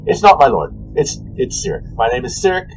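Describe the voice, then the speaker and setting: Trickster god, male, flippant and self-important, voiced by a man, animated delivery. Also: medium pitch, brisk, a little hiss or hum, rough recording. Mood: dismissive. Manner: chatty, offhand, self-important.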